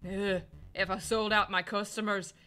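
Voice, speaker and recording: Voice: medium pitch, flat delivery, moderate pace, pushed and bright, soft background music, natural voice. A player voicing a shady, impatient male crocodile dealer while reading a game aloud. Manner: gruff, impatient, wheeling-dealing. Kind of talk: reading a game aloud, doing character voices.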